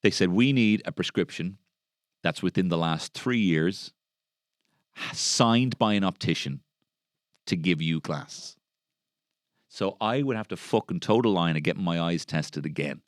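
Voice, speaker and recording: A man's voice: sits low, a little slow, long pauses, dry recording, studio quality. A man with an Irish accent hosting a solo comedy podcast, rambling and sardonic, swearing freely. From Ireland. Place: podcast studio.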